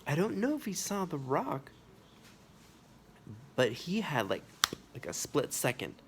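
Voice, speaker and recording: A man spins a personal story with an unhurried pace and a pitch that leaps around. He acts things out with sound effects and casual asides. Faint ambient noise sits behind him. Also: sing-song. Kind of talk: personal anecdote told to camera.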